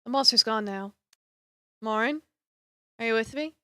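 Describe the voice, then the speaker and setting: A woman voicing a steady young woman in a game, speaking softly and reassuringly. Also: fairly high pitch, clean tone, no echo. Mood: calm. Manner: soft, measured, soothing.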